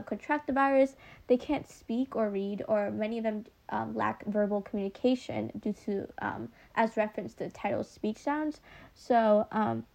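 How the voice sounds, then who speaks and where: Young woman, podcast host, slight lisp, gravelly fry, chatty with fillers, casual book review. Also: fairly high pitch, darkish tone. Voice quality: lisp from wearing retainers. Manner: chatty, many ums and likes.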